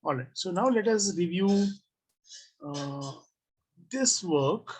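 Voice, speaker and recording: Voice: mid-range voice, animated, slow pace, low-quality recording. A design teacher giving an online class review, asking the class questions and reading out students' comments.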